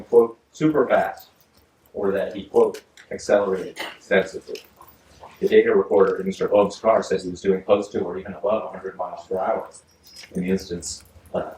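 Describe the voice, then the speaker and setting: A male judge reading a ruling from the bench in a measured, formal way, often pausing with "uh". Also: deep voice, a little mellow, far from the mic. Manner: measured, formal legal delivery with frequent uhs. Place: courtroom. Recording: echoey courtroom audio from afar, faint hiss.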